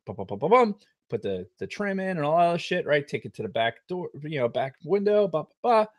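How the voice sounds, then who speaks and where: A middle-aged man co-hosting a podcast, telling a long story in a casual, profane way with loud outbursts. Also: a little high, very animated, a little fast. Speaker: podcast co-host.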